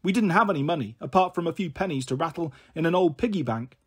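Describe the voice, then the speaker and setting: A man reading a children's novel aloud, expressive in his narration. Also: on the high side, fast, slightly rough. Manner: expressive, shifts voice for characters. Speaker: storyteller.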